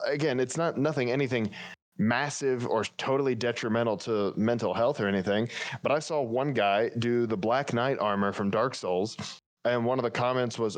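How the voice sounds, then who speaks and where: A man's voice: medium pitch, brisk. Candid man chatting on a podcast. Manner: chatty, candid, thinking aloud. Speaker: podcast co-host. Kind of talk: casual podcast chat.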